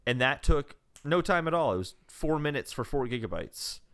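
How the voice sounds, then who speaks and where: A man's voice: on the high side, expressive, moderate pace, fairly bright tone. A man co-hosting a casual chat show, making wry, dry remarks. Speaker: podcast co-host.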